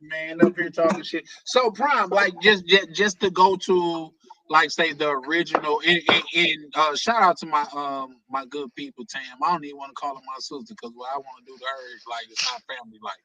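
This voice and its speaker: A man chatting on a livestream, asking questions in slangy, animated banter. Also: a little high, a little fast, crowd noise, poor audio. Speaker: co-host on a livestream. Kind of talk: casual livestream chat.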